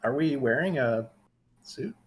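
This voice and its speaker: Husky-voiced man chiming in on a game. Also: mid-range voice, lively intonation, a little slow. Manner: short quips and prompts. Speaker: co-player. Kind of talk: casual game co-commentary.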